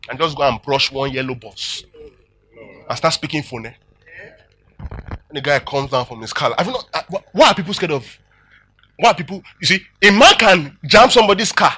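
A man preaching a sermon as a pastor, animated, laughing often and checking in with his listeners. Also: on the high side, breathy edge.

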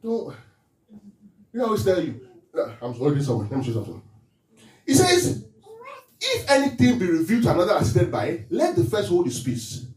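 A man preaching an interactive sermon as pastor. He questions the congregation and reads scripture aloud slowly. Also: high voice, huge pitch swings, a little mellow. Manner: call-and-response questions to the congregation. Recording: echoey room, voice from a distance.

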